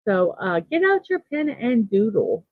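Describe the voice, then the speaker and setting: A woman's voice: mid-range voice, very animated, unhurried, no echo. A woman hosting a daily morning livestream, chatting casually and reading out viewer comments, upbeat and full of fillers. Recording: tinny phone-like sound, dry.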